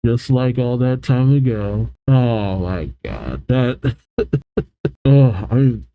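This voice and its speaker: A man hosting a manga reaction, reading panels aloud and reacting excitedly and emotionally, laughing often. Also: mid-range voice, extremely slow, pauses often, no echo, poor audio.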